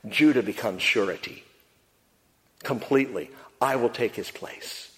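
A man preaching a sermon, earnest and emphatic, swinging between quiet and loud. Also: mid-range voice, a little slow. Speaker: pastor. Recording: long hall reverb.

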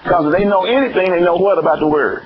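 Male preacher mid-sermon, questions the room, leaps high then drops low; slightly high voice, lo-fi. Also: fast talker. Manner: questioning the congregation, swinging from high exclamations to low emphatic words. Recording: dull lo-fi recording with faint noise.

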